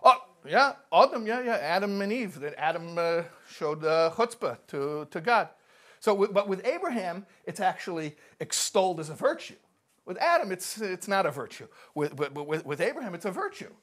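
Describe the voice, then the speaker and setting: A man's voice: high-pitched, normal speed. A man giving a live talk, telling jokes and acting out the characters, often restarting and repeating words. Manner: animated joke-telling, acts out characters.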